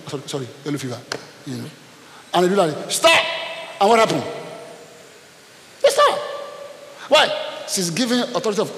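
Preaching man in echoey church. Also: high voice. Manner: call-and-response preaching, storytelling. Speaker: pastor. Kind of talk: sermon. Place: church hall. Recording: echoey hall with hiss.

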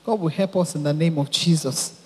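A woman's voice: sits low, a little fast, slightly rough, long reverb tail. A Nigerian woman preaching a sermon, exhorting her listeners and acting out stories in quoted voices. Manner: exhorting, animated storytelling with quoted dialogue.

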